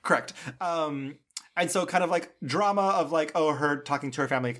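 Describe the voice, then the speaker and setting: A man's voice: a little high, brisk, a bit bright. A man co-hosting a film review podcast, talking in an effusive, casual way with lots of filler words. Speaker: podcast co-host.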